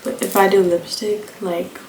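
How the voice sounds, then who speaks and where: A young woman with a slightly hoarse voice talks offhandedly through her makeup routine, rambling and leaning on fillers. She sits at middle pitch for a woman and speaks into a phone camera. The room is echoey, with clear noise underneath. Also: little pitch movement, unhurried, a little mellow. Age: young adult. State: slightly hoarse, coming down with a cold. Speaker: beauty vlogger. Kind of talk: casual makeup tutorial chat.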